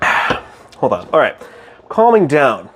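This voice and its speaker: A young man casually chatting with his stream chat while cooking, excitable, goofy and loud. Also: mid-range voice, slow, noisy background.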